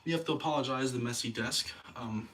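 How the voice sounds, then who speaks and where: Man, casual vlog host, rambling, self-correcting, nerdy and jokey, middle pitch, faint background hiss. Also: brisk, fairly bright tone. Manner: self-deprecating nerdy enthusiasm. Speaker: video host. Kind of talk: casual show-and-tell vlog.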